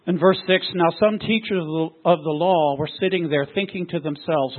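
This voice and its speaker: A pastor with a high, slightly husky voice preaches to his congregation and keeps firing questions at them. The recording sounds thin and tinny, like it came over a phone line. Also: normal speed, hardly any pauses. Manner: asks the congregation rhetorical questions. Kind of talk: sermon.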